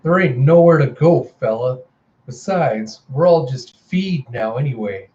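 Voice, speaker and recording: A man's voice: mid-range voice, lively intonation, a little slow, dark tone, dull audio, close to an everyday voice. A man voicing a resigned, folksy male prisoner in a comic readthrough. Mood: grim. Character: gruff, fatalistic male prisoner.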